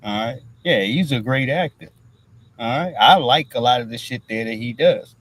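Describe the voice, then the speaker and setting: A man's voice: mid-range voice, normal speed, fairly bright tone, poor audio. A man hosting a livestream, talking in loose, profane commentary and repeating "all right" between nearly every thought. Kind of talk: casual rambling commentary.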